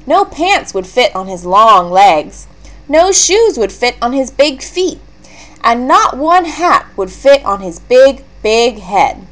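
Expressive woman reading a picture book. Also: on the high side, slow, poor audio. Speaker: storybook reader.

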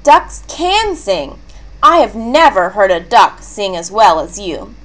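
A woman voicing a kind, gentle female bluebird in a storybook reading, encouraging in tone. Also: medium pitch, animated, takes it slowly.

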